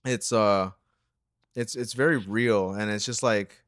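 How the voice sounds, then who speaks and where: A man's voice: fairly low pitch, steady tone, slow, a bit bright, no room sound, studio quality. A young man co-hosting a reaction channel, telling a story in a laid-back, rambling way full of slang and fillers. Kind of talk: casual storytelling chat.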